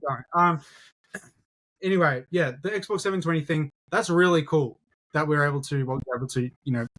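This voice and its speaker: A man's voice: fairly high pitch, a little fast, fairly bright tone. A young man co-hosting a casual podcast, laid-back, swearing often and calling people dude and bro. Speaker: podcast co-host, YouTuber.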